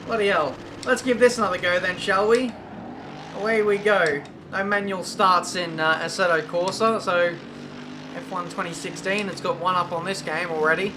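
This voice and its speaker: A man's voice: high voice, fairly even intonation. A young man giving casual, self-mocking commentary while playing a racing game. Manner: chatty, self-mocking, quick exclamations. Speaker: gaming YouTuber. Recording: game audio and engine noise behind.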